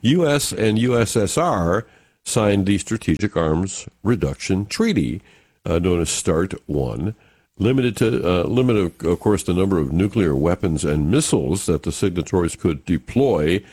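Very deep-voiced man on radio. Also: expressive, a little slow, a little mellow, breathy edge, dry recording. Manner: chuckling, easygoing banter. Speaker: radio host. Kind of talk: casual morning radio chat.

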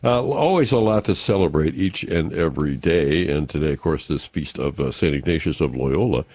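A man's voice: rumbling low, expressive, normal speed, darkish tone, no room sound. A man hosting a casual morning radio show with easygoing banter, chuckling as he reads the day's items. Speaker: radio host.

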